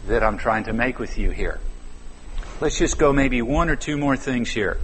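A man's voice: mid-range voice, a little hiss or hum. Man preaching in a reverberant hall. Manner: conversational preaching with sudden emphatic stresses. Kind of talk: sermon. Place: large church conference hall. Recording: reverberant hall with faint ambience.

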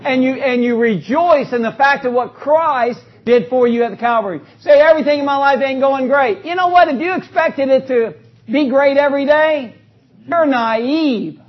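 A man preaching an energetic sermon in a church, joking with the congregation and calling for responses. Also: very high voice, moderate pace. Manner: calls out to the congregation, joking, rising to loud exclamations. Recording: dull lo-fi recording.

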